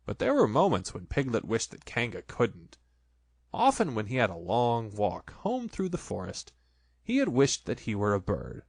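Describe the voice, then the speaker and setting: A man narrating a children's storybook in an expressive, lively way. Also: fairly low pitch, normal speed, creaky, slightly rough, no room sound.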